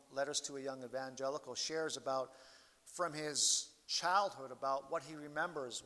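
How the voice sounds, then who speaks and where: A male pastor preaching with slow, earnest deliberation, his voice rising and sinking in volume. His tone is bright and fairly high for a man. The sound carries a long hall reverb. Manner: slow, earnest preaching with sweeping rises and drops in loudness. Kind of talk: sermon.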